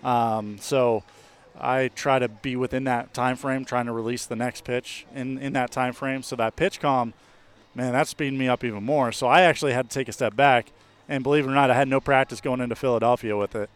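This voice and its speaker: A man, a baseball pitcher, talking casually in an interview, relaxed, with fillers and restarts. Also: brisk, clean tone. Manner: relaxed, with many fillers and restarts, laughs easily.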